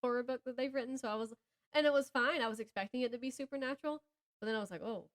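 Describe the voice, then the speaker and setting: A woman with a high-sitting voice and a Southern American accent races through her talk as co-host of a casual book podcast. She rambles about books, interrupts her own thoughts, and laughs frequently.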